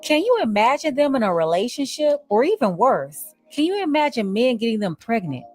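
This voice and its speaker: A woman's voice: a little high, very animated, fairly quick, darkish tone. A woman delivering firm, lecturing opinion commentary. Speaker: online commentator. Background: faint music.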